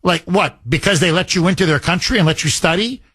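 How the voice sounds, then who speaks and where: A man's voice: high-pitched, brisk, a bit bright, husky, dry recording. A man hosting a talk radio show, speaking emphatically and building heat as he argues.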